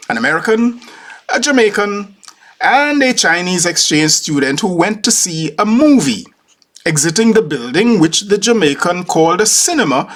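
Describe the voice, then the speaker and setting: Man, podcast host, formal precise diction, lively pitch, humorous monologue. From Caribbean.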